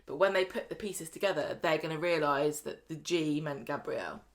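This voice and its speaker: A woman hosts a casual podcast recap, her voice sitting a little low for a woman. She talks in a chatty, jokey way, tumbling from one point to the next. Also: moderate pace. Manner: chatty, jokey, acts out characters' lines. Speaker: podcast host. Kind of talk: casual soap recap chat.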